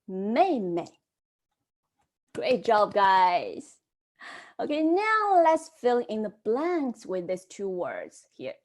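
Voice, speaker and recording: Slow, lively-voiced woman teaching Chinese. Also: mid-range voice. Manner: models words slowly, then prompts the class to repeat. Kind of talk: online class instruction.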